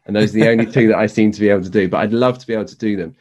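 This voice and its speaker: A man with a Southern English accent hosting a podcast, talking in a relaxed, easygoing way. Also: fairly low pitch, rapid-fire. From Southern England. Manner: relaxed, easygoing, fillers and restarts. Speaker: podcast host. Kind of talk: casual conversation.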